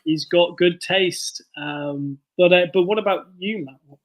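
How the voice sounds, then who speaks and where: A man's voice: high voice, measured pace. A man from the south of England with a southern English accent, an author chatting as an interview guest, thoughtful and articulate. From Bournemouth, southern England. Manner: articulate, thoughtful, easy laugh. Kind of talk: casual interview chat.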